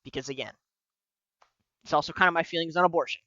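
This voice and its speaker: A man with a fairly high, bright and forceful voice, chatting on a podcast with plenty of swearing and laughter. The recording is dry and a little dull and lo-fi. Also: quick pace, no echo. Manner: profane, animated, laughs often. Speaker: podcast co-host. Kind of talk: casual political podcast chat.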